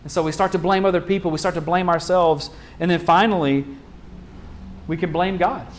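A man preaching a sermon as pastor, in a conversational style full of rhetorical questions and quick restarts. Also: high voice, a little hiss or hum.

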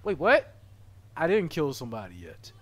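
A man streaming a game live, chatting with viewers and bursting into loud excited yells. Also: on the high side, moderate pace. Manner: excitable, bursts into loud yelling, banters with chat. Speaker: gaming streamer. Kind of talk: live gameplay commentary.

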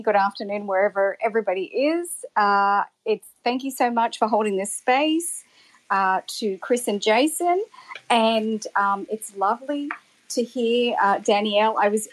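A chatty woman with an Australian accent asks a guest questions in a casual audio chat. Her voice sits a little high, and she giggles and restarts her sentences often. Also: moderate pace. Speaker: audience member asking questions.

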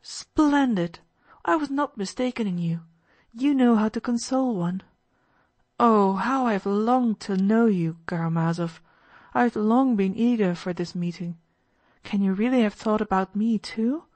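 A woman voicing an eager, excitable teenage boy in an audiobook, gushing with breathless enthusiasm. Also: medium pitch, unhurried, no echo, voice pushed up, lightly acted. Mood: excited. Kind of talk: audiobook character voice.

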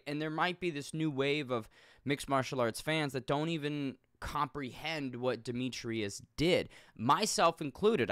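A man commenting casually on a video, blunt and animated, swearing now and then. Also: medium pitch, smooth, no room sound, clean studio sound. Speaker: YouTube commentator.

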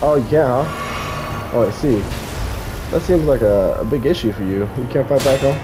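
A gaming streamer comments live as he plays, swearing loudly at enemies and muttering to himself between fights while game music plays behind him. His voice is medium-pitched and expressive, and he talks a little fast.

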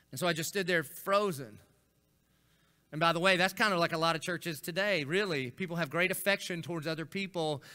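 Man, middle-aged pastor, folksy sermon storytelling, higher voice, very bright tone. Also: clear, resonant tone. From Florida. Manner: folksy, animated storytelling with acted-out quotes and rising intensity. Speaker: senior pastor.

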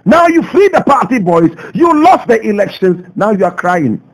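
A Ghanaian man hosting a radio show, delivering a passionate commentary full of rhetorical questions, swinging between loud outbursts and low asides. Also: big pitch swings, moderate pace, poor audio. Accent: Ghanaian English. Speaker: radio host. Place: radio studio.

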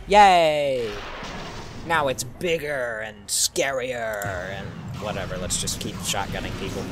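A man hosting playful gameplay commentary, excitable and goofy, tossing in silly sound effects. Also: medium pitch, noisy background. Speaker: gaming channel host.

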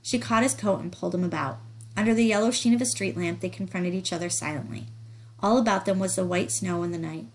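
A woman narrating a literary audiobook, reading the descriptive prose in a measured, even way. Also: on the low side, poor audio.

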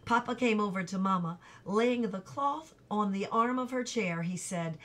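A woman reading a chapter of a novel aloud in an even, unhurried storytelling manner. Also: medium pitch. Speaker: audiobook reader.

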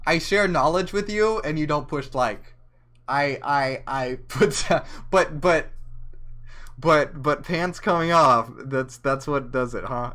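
Indoors in a cold room, a drunk man runs a livestream, slurring and giggling while he rambles and reads viewer comments, easily flustered. He speaks slowly, with a medium-pitched, fairly bright voice.

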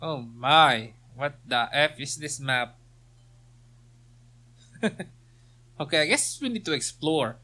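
Bright-voiced man doing easygoing gameplay commentary. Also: on the high side, animated, slow pace, long pauses. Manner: reads quest text aloud, joking and laughing. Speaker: let's play gamer.

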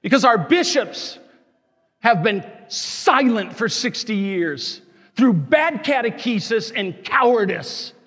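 Impassioned priest preaching in reverberant church. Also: male voice, high-pitched, big pitch swings, slow pace, fairly bright tone. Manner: impassioned, scolding, emphatic preaching. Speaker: Catholic parish priest. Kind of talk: sermon.

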